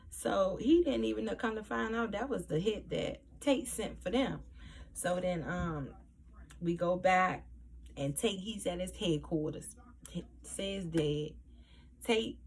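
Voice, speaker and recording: A woman's voice: fairly low pitch, creaky. A woman recapping a TV episode in casual chat, acting out the characters' lines as she goes. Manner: animated, acts out quoted lines in a raised voice. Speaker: TV episode reviewer.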